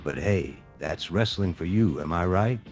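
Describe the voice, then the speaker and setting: A man's voice: low-pitched, lively intonation, normal speed, a little mellow. A man doing wrestling color commentary as a co-commentator, cheesy and upbeat, full of folksy stock phrases. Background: music.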